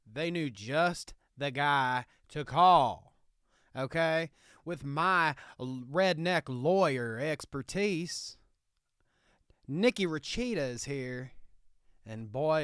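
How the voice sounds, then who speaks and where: Man putting on a boastful redneck lawyer, put-on Southern drawl, keeps asking "okay?", higher voice, smooth and dry. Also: a bit bright, dry recording. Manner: tags sentences with a drawled "okay?". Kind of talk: comic character monologue.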